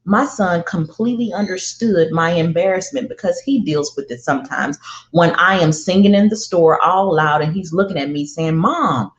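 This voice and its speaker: Middle-aged mom telling a story, lowish voice, kinda echoey and muffled. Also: female voice. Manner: emphatic, slow and deliberate with heartfelt repetition. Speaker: parenting speaker. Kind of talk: personal storytelling monologue. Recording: roomy, dull lo-fi sound.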